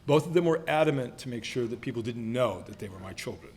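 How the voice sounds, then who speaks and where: In a banquet hall, a retiring professor in his sixties gives a self-deprecating speech at his own roast, teasing colleagues with playful mock voices. His mid-range voice is animated, fast and darkish in tone.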